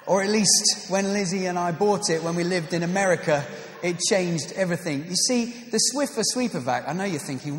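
A man's voice: sits high, a little fast. A man preaching a sermon, reading scripture aloud and adding playful, jokey asides. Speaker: pastor. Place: church. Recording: echoey reverberant church hall.

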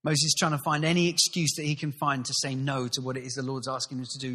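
A male pastor giving a sermon, telling the story with lively acted-out voices. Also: mid-range voice, brisk, long reverb tail. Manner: animated storytelling, acts out voices.

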